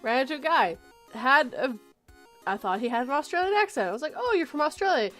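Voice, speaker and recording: A woman's voice: high voice, big pitch swings, a little fast, a bit bright, soft background music. Chatty woman hosting a stream. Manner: chatty, giggly storyteller. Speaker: stream host. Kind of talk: casual chat.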